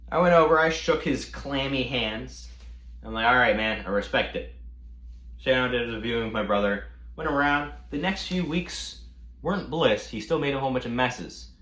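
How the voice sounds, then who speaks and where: A young man telling a storytime rant with animated, profane delivery. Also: mid-range voice. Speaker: vlogger. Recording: echoey room.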